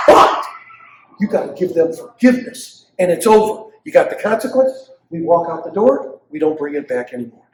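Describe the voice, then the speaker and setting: An older man teaching parents as a pastor, animated and acting out quotes from children and parents, in a church hall. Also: sits high, distant mic, very noisy. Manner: animated preacher who acts out quotes of kids and parents. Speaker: pastor leading a parenting session.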